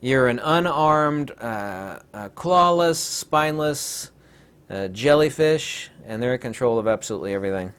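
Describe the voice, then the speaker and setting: A man's voice: mid-range voice, expressive, moderate pace, a bit bright, clean tone. A man hosting a rambling, sarcastic commentary video, full of digressions and mocking asides.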